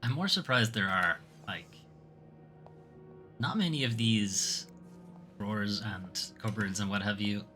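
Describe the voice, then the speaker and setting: A man's voice: fairly low pitch, measured pace, long pauses, bright, forceful tone, soft background music. A man streaming a game, chatting casually and muttering, often trailing off mid-thought. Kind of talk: casual gameplay commentary.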